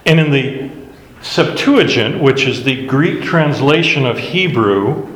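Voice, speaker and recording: A man's voice: mid-range voice, lively intonation, slow, fairly bright tone. A man teaching a Bible lesson in a conversational, storytelling way, often laughing at his own anecdotes. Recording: echoey hall with faint background noise.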